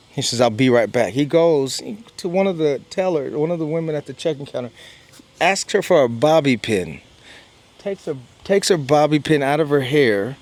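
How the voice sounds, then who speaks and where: Emphatic middle-aged man telling a story. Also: a little high. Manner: animated, emphatic, repeats words like "man" and "bro". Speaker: vlogger, storyteller. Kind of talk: casual storytelling monologue.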